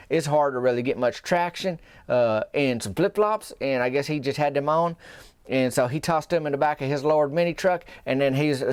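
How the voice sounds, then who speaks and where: Brief: man, podcast storyteller, folksy rambling deadpan, slightly high voice, dry close mic. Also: dry recording. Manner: folksy, meandering, deadpan asides. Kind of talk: rambling comic tall tale.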